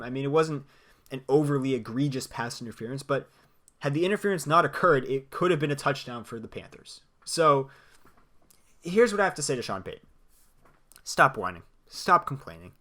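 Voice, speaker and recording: A young man hosting a solo sports podcast. He gives blunt opinions in a lively way and laughs between his points. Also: mid-range voice, fairly quick. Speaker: podcast host.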